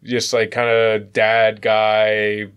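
Man, 20s-30s feel; smooth, resonant delivery; animated storyteller. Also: on the low side, drawn-out words, muffled recording. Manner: animated storytelling, mimics people. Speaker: podcast co-host. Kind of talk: casual chat.

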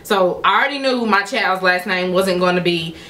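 A woman's voice: lowish voice, normal speed, sharp tone, echoey room, a little hiss or hum. A woman vlogger telling a personal story to her viewers in a candid, chatty way. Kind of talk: storytime vlog.

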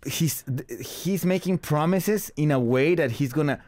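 A man's voice: a little high, a little slow, a little mellow, no room sound, studio quality. A man guest on a radio show, chatting casually, laughing often and acting out quoted lines. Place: radio studio. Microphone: studio mic.

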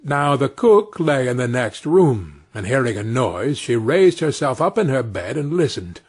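A man reading a fairy tale aloud for English learners, very slowly and with plenty of expression. His voice is slightly husky and fairly high, and his pitch rises and falls a lot. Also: big pitch swings, a little mellow. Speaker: storyteller. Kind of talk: storybook narration for English learners.

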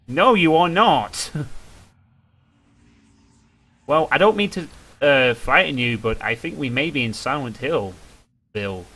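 Excitable man playing a horror game. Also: measured pace, pauses often. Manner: jokey, wry remarks that break into high-pitched yelps and laughter. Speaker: gaming streamer. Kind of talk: horror game let's play commentary.

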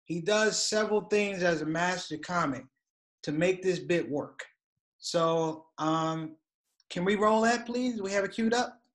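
A man's voice: sits high, unhurried, fairly bright tone. A middle-aged man teaching a comedy writing workshop in a conversational, engaging way. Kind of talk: workshop talk.

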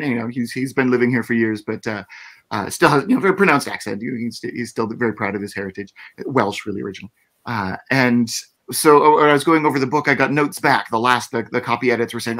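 A man's voice: mid-range voice, fairly bright tone. A man talking as an author guest in a casual interview, chatty, with many fillers and restarts.

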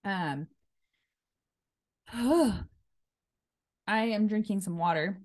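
A woman's voice: medium pitch, drawn-out words, darkish tone, no echo. A woman in her thirties hosting a casual solo podcast, upbeat and chatty with lots of filler words, buzzing after a workout. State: energized after a workout class. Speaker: podcast host.

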